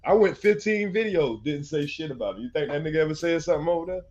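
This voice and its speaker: A man's voice: fairly high pitch, lively intonation, quick pace. A man hosts a stream in a slightly raised voice, taunting critics and breaking into laughter between jabs. The sound is dull and lo-fi, with faint music underneath. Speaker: host of a reaction channel. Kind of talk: mocking live commentary.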